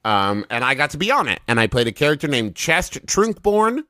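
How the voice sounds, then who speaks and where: Male comedy podcast co-host, dry close sound, lively rambling delivery. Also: medium pitch, moderate pace, dry recording. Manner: eager, rambling show plugs. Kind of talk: casual comedy podcast banter.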